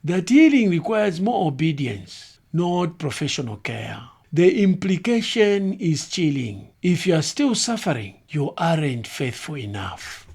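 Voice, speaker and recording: A man giving scripted critical commentary in a measured, grave, analytical way. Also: a little high, big pitch swings, gravelly, darkish tone, slightly rough.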